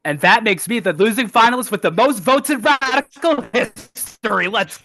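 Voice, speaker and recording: A man who was a finalist in an online game, talking in a lively, joking way. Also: high-pitched, moderate pace. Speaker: finalist player. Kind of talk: casual chat.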